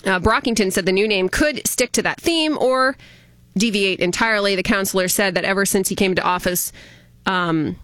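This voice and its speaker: A woman's voice: mid-range voice, moderate pace, a bit bright, no room sound. A woman hosting a chatty radio news segment, joking and laughing at her own jokes. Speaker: radio host. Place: radio studio.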